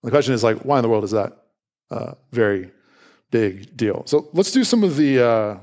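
A pastor, male, preaches in an easygoing yet animated way. Playful asides break in, and voiced reactions come with sudden jumps in pitch.

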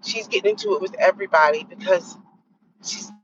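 A young adult woman hosting a podcast, telling a workplace story in a casual, exasperated way and lowering her voice to quote others. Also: brisk. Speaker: podcast host. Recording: dull lo-fi sound with faint noise.

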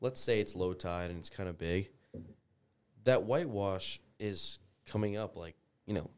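Young New Jersey lifeguard, laid-back, filler-heavy chat. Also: male voice, deep voice, unhurried, clear, resonant tone. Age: young adult. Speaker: lifeguard guest. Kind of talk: casual chat.

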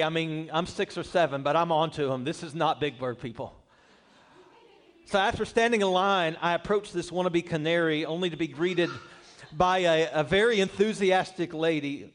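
A man preaching a sermon, speaking emphatically, posing rhetorical questions to the congregation and telling humorous personal stories. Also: a little high. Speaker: pastor.

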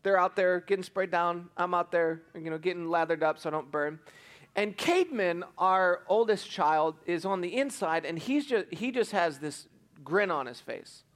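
A middle-aged man preaching, telling a personal story with animated, self-mocking humor. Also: high-pitched, moderate pace. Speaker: pastor.

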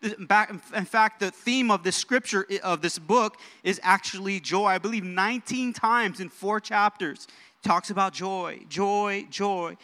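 A man's voice: sits high, moderate pace, pushed and bright. A young man preaching a sermon in a church, leading the congregation in call-and-response with easygoing jokes. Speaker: pastor. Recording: long church hall reverb.

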